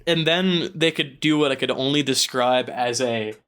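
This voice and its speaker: A man's voice: mid-range voice, normal speed, a bit bright, smooth. A man hosting a casual book podcast, swearing a lot and joking as he sums up the chapter. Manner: profane, jokey, acts out characters in quotes. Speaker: podcast host.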